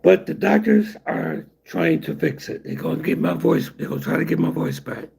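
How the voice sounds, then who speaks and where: Raspy, gravelly-voiced man chatting. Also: a little high, huge pitch swings, darkish tone. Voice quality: raspy, breathy, weak voice. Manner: rambling, halting, many fillers. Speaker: livestream host reading chat. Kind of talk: casual livestream chat.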